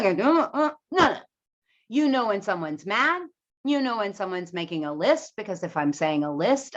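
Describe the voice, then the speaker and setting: Woman teacher presenting to teachers, emphatic and lively, fairly high voice, dull lo-fi sound. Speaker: ESL teacher.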